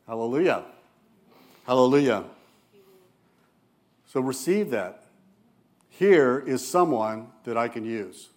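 A man preaching a sermon as a church elder, speaking earnestly and turning quiet and soft when he voices gentle quoted words. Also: mid-range voice, lively intonation, slow, long pauses.

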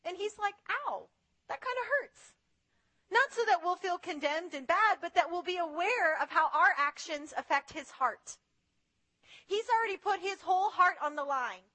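A woman preaching a sermon in an animated way, acting out the voices she quotes. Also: very high-pitched, moderate pace.

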